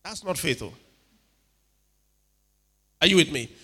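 A man preaching a sermon with animated delivery, acting out quotes and checking in with the congregation. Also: a little high, slow, breathy edge. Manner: animated, dramatic, acts out quotes, asks the crowd "are you with me". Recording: reverberant hall.

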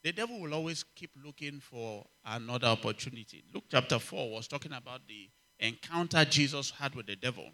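A man preaching a sermon, emphatic and repetitive, calling out to the congregation and swinging from loud exclamations to quiet asides. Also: mid-range voice, expressive, fairly quick, few pauses. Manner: emphatic, repeats key phrases, asks the congregation for response. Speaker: pastor.

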